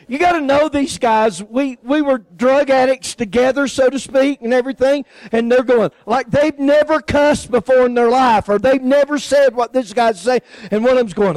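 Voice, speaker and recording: A man's voice: extremely high pitch, moderate pace, a little mellow, no echo, poor audio. A man preaching, telling a personal story and acting out the people in it. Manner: folksy storyteller acting out quoted voices. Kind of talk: sermon testimony storytelling.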